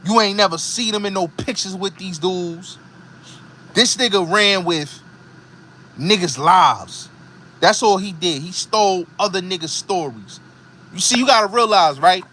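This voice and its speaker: Middle aged bronx guy w/ new york accent going off on a rant, high voice, slow and emphatic. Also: sharp tone. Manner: emphatic, repetitive, accusatory ranting. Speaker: host. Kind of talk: heated commentary monologue.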